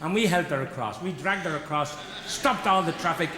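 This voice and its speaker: A man's voice: fairly high pitch, a little fast. A man with an Irish accent doing stand-up, telling jokey anecdotes and acting out the people in them. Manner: jokey anecdotes, acts out characters, laughs along. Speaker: stand-up comedian. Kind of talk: live stand-up storytelling. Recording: echoey hall with background noise.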